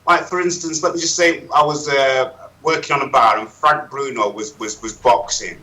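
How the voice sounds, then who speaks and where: A man's voice: medium pitch, normal speed, bright, forceful tone, poor audio. A man speaking as a podcast guest, frank and emphatic in casual conversation. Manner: emphatic, opinionated.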